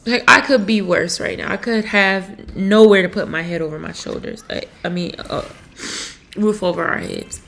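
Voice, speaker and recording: A young mother from Pennsylvania speaking in a confessional vlog, emotional and halting, with many fillers. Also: mid-range voice, creaky, fairly bright tone. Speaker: vlogger and mother.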